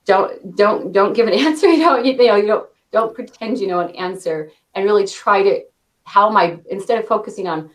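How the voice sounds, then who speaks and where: A woman in her thirties, a company director answering interview questions with a quick cadence and frequent light laughs. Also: medium pitch. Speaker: interview guest, product launch director.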